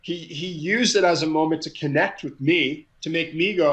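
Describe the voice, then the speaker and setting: A middle-aged man with a fairly high voice tells a story in casual chat. He talks with energy and often stumbles over repeated words as he picks up speed. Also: normal speed, fairly bright tone, muffled recording. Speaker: guest, crowd hype man.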